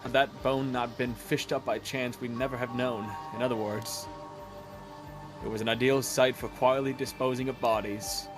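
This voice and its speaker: Man reading as a diligent young assistant, formal and precise, mid pitch, game music behind. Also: fairly even intonation, normal speed, natural voice. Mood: earnest. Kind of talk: reading game dialogue aloud.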